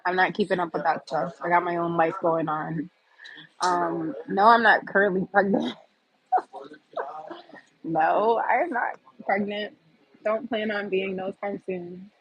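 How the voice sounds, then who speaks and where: On a rough recording, a husky, lowish female voice belongs to a livestream host in her fifties from the US East Coast. She's chatty and candid, laughs a lot, and reads viewer comments aloud during a casual live chat.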